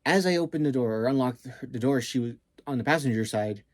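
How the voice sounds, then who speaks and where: A man's voice: medium pitch, fast, a little mellow, no echo, clean studio sound. A man casually telling a story, rambling with many fillers and some swearing.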